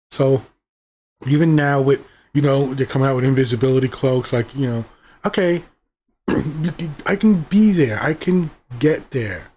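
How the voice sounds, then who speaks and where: A man's voice: a little high, darkish tone. A middle-aged man giving a casual, rambling movie review, profane and exasperated as he rants.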